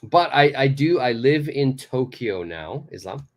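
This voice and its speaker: A man's voice: mid-range voice, big pitch swings, measured pace. A man from Canada teaching English idioms in a live online lesson, explaining patiently and repeating key phrases. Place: home studio in Tokyo.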